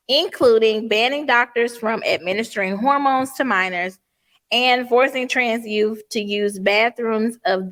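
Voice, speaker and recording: A woman co-hosting a podcast in casual chat, expressive and quick to voice disgust. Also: fairly high pitch. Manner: expressive, disgusted exclamations, reads news items. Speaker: podcast co-host.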